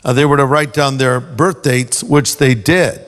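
A man's voice: mid-range voice, steady tone, a little slow, long reverb tail. A man preaching a sermon, telling a folksy story as a pastor.

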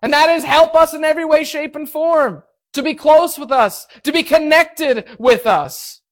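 A man pastor preaching a sermon, telling a story in an animated and self-mocking way. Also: very high-pitched, moderate pace.

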